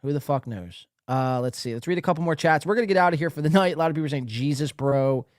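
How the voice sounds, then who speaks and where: A man's voice: a little high, fast, no echo, studio quality. A man hosting a podcast, giving crude, mocking, profane commentary. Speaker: podcast host.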